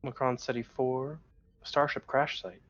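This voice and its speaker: A man running a tabletop game as game master, reading sensor reports in a flat clipped way. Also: medium pitch, moderate pace, highs cut off.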